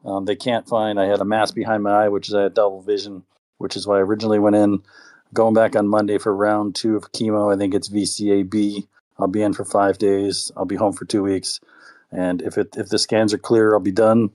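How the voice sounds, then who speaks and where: Low-voiced guy calling in, rambling and thankful, casual chat. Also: flat delivery, brisk. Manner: rambling, warm and grateful. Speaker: caller.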